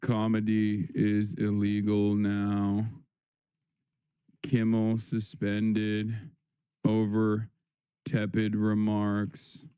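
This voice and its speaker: Mellow-voiced man hosting a casual livestream. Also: lowish voice, monotone, clear, resonant tone, no echo. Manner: sarcastic, drawn-out reading of headlines with many fillers. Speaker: livestream host.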